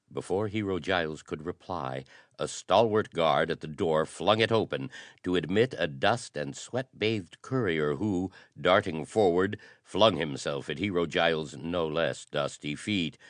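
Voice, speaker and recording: Deep voiced guy narrating a story, measured and dramatic, dry close sound. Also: a bit bright, no echo. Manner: measured, dramatic reading of old-fashioned prose. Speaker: audiobook narrator. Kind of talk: scripted narration.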